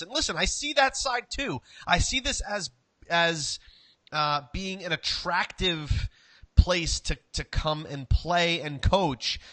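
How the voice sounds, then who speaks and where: A man's voice: a little high, sharp tone, dry recording. A man co-hosting a casual soccer talk show, reading viewer comments aloud in a loose, chatty way. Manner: loose, chatty, says "dude" and "listen". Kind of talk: casual chat.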